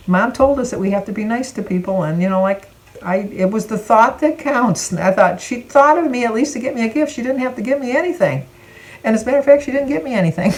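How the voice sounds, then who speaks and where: An older woman from Michigan tells a family story in a casual, lively way, acting out the voices of the people in it. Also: mid-range voice, rough recording. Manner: animated, acts out quoted voices. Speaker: vlogger.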